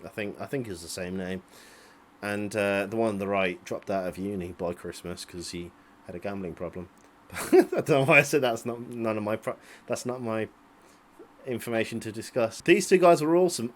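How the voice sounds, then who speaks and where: A man's voice: lowish voice, slight background noise. Sweary rambling man in his late twenties. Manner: rambling, sweary, chuckles to himself. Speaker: vlogger. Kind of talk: casual commentary over old video clips.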